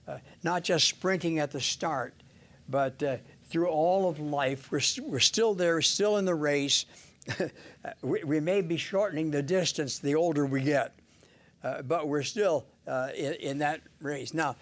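An older man giving an informal sermon on scripture, halting, with many "uh"s, restarts and little chuckles. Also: a little high. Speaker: Bible teacher.

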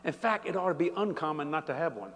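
An older man preaching a sermon in a large church, animated and folksy, building from easy talk to shouts. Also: a little high, quick pace, in a large hall.

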